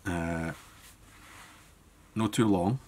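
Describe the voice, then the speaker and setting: A man giving a relaxed step-by-step fly-tying tutorial, thinking aloud as he works. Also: low-pitched, extremely slow, a little hiss or hum.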